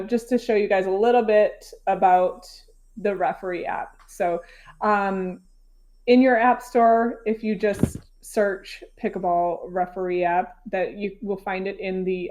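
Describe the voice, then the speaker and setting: A woman's voice: mid-range voice, takes it slowly, darkish tone. A woman hosting an interview, asking questions and walking through an app in a chatty, informal way with fillers like "um" and "like". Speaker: interviewer, host. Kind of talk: casual interview and software walkthrough.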